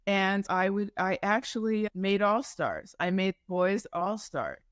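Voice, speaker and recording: A woman's voice: mid-range voice, lively intonation, slow pace, no echo, studio quality. A woman from New York, a guest in a casual interview, telling her story in a meandering way with many asides and self-corrections. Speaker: guest entrepreneur.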